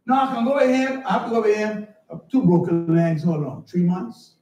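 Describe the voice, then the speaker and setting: A man preaching a sermon as pastor, animated and storytelling, sometimes shouting. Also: high-pitched, a little fast, muffled recording, a little hiss or hum. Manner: animated, shouting at times, storytelling with acted dialogue. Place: church. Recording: echoey church hall, mic at a distance. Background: congregation answering.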